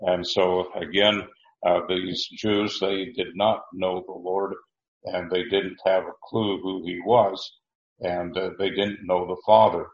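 Deep-voiced man teaching scripture, roomy lo-fi sound. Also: little pitch movement. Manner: halting, many fillers and restarts; reads verses aloud, then explains the Greek words. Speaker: Bible teacher. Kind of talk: unscripted Bible study teaching. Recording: roomy, dull lo-fi recording.

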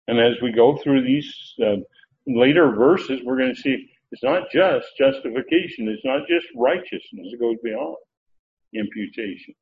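A man teaching through Bible verses word by word, pausing often with filler sounds as he explains. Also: mid-range voice, sing-song. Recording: dull lo-fi recording with faint background noise.

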